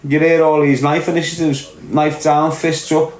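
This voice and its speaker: With a voice on the higher side, a level tone and normal speed, a Liverpool-accented podcast commentator delivers a blunt, profane rant, repeating himself to stress his points. The space sounds echoey.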